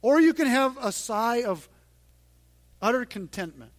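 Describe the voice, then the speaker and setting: This pastor's voice is very high, expressive, and a little slow as he delivers a sermon to his church congregation. Earnest and emphatic, he raises his volume on the points he stresses.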